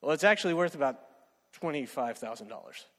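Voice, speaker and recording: A preacher doing a haggling antiques dealer. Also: male voice, medium pitch, lively intonation, fast talker, fairly bright tone, long reverb tail, pitched below the performer's own voice, close to an everyday voice. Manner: hesitant, haggling, full of ums. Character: shrewd, flustered male antiques dealer.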